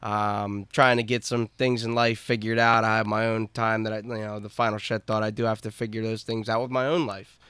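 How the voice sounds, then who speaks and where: A young man hosting a casual podcast, talking in a laid-back, halting way with lots of fillers. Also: on the low side, little pitch movement, fairly bright tone, clean tone, no room sound. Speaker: podcast host.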